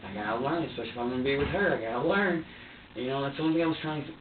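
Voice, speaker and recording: A man being questioned by police, recounting events in a halting, repetitive way with many fillers and restarts. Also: medium pitch, expressive, far from the mic, a little hiss or hum. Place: sheriff's interview room. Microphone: distant room recorder. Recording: tinny lo-fi, echoey room, off-mic.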